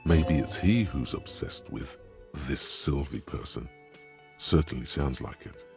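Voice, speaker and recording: An actor playing a deep-voiced game narrator who speaks the detective's inner voices in an ominous manner. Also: male voice, lively intonation, measured pace, creaky, soft background music, full character voice. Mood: brooding.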